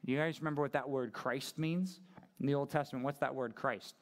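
A man's voice: mid-range voice, a little fast. A man preaching a sermon as pastor, talking conversationally, asking his listeners questions and acting out the voices he quotes. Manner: conversational, asks the congregation questions; animated, acts out quoted voices.

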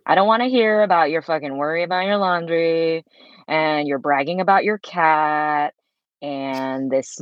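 A woman with a very low voice talks as a podcast guest, expressive and effusive and at ease with swearing. Her recording sounds dry and a little dull, like a lo-fi mic. She comes across as a coach sharing practical advice in a relaxed conversation. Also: no room sound. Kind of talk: conversational interview.

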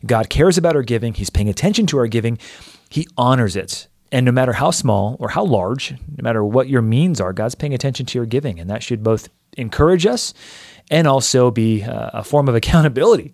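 A man co-hosting a podcast and talking casually through a Bible passage, thinking aloud and animated. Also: medium pitch, brisk, gravelly, no echo, clean studio sound. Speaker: podcast co-host, pastor.

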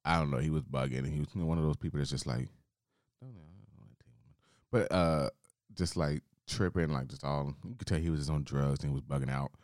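A man's voice: extremely low pitch, fairly even intonation, fast, a little mellow, no echo, clean studio sound. A man co-hosting a podcast, telling a work story in a laid-back, rambling way with plenty of swearing. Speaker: podcast co-host. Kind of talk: casual storytelling.

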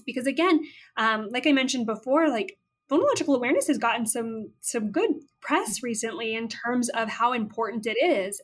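A woman speech-language pathologist explaining therapy steps on a teaching podcast, acting out prompts to a child as she goes. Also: fairly high pitch.

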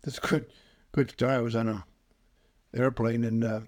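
A man, a spiritual healer, speaking as a podcast guest and telling lively anecdotes, acting out the quoted voices. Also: mid-range voice, moderate pace, no echo. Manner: animated anecdotes, acts out quoted voices, chuckles often. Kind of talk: casual storytelling interview.

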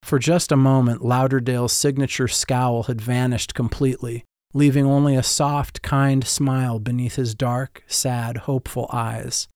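A man's voice: mid-range voice, level tone, measured pace, a little mellow, dry recording, studio quality. Man narrating a story in first person. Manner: reflective, wry, descriptive.

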